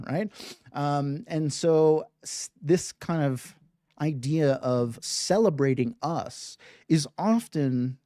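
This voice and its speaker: Lively, chatty meditation teacher. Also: no room sound, clean studio sound. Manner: conversational, keeps asking "right?"; lively rising and falling pitch, playful. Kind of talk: casual talk in a live mindfulness class.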